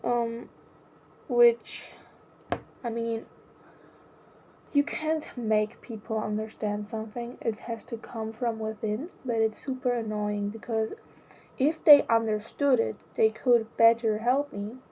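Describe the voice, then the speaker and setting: A young adult woman talking about her own life in a hesitant, halting way, often restarting her sentences. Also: a little high, fairly even intonation, dark tone, slight background noise. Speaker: vlogger. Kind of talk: personal confessional monologue.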